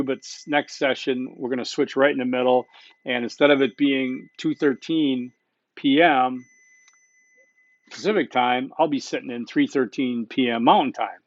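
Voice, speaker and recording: Blunt, casual college instructor lecturing. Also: male voice, a little high, no echo. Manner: casual and blunt, with many asides and okays. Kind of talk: recorded online course lecture. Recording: dull muffled dry recording.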